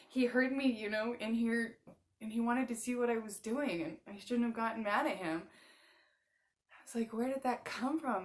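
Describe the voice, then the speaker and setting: A woman in her thirties talking casually to camera, rambling with lots of filler words and laughing often. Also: fairly high pitch. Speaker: spiritual channeler and musician. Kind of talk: casual monologue.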